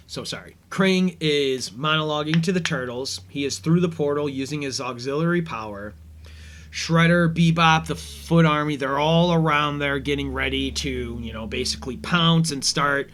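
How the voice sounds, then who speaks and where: A man's voice: fairly high pitch, fairly bright tone, a little hiss or hum. A man hosting a casual episode commentary, rambling easygoing with lots of fillers. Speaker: podcast host.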